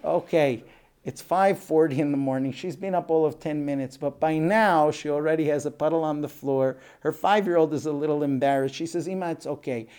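A man giving a talk and telling a lively story, acting out voices along the way. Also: a little high, fairly quick, smooth. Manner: animated storyteller, acts out voices. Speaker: speaker.

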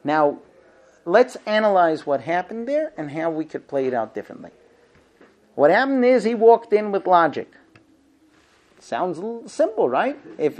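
Animated male lecturer, lively pitch. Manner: animated, acts out dialogues, rhetorical questions. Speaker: rabbi lecturing on marriage.

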